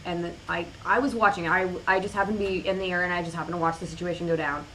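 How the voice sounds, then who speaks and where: A woman's voice: lowish voice, racing, a little hiss or hum, poor audio. A woman co-hosting a podcast, telling anecdotes in casual chat. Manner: animated anecdote telling with acted quotes. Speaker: podcast co-host.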